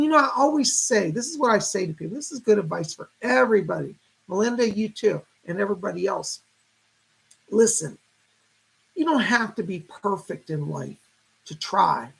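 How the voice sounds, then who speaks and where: Gravelly chatty man in his fifties. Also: high voice, fairly bright tone. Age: 50s. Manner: chatty, greets viewers by name, talks to a puppet. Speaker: psychic livestream host. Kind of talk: casual livestream chat.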